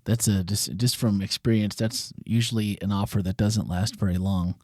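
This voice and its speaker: A man's voice: fairly low pitch, little pitch movement, moderate pace, a little mellow, no echo, studio quality. A man co-hosting a church talk show, reading listener questions and agreeing with short affirmations. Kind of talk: casual chat.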